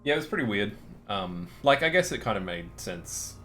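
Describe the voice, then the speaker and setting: A man's voice: on the low side, sing-song, moderate pace, fairly bright tone, faint music behind. An easygoing man with an Australian accent who laughs often, chatting casually while streaming a game. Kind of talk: casual chat while gaming.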